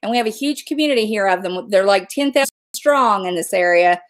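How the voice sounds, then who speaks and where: A woman's voice: mid-range voice, animated, fairly quick. A woman hosting a casual chat, talking in a chatty way with laughing asides. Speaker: host.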